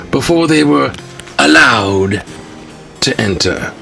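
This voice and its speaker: A man's voice: sits low, sing-song, a little slow, fairly bright tone. A man hosting a spoof news show, reading newspaper letters aloud and breaking in with wry, mocking asides. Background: music.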